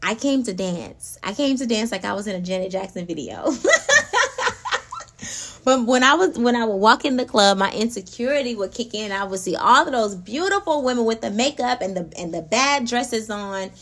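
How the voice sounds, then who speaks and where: Animated woman chatting with listeners. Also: on the high side, normal speed. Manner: animated, laughs often, talks straight to listeners. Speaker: podcast host. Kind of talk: casual spiritual talk.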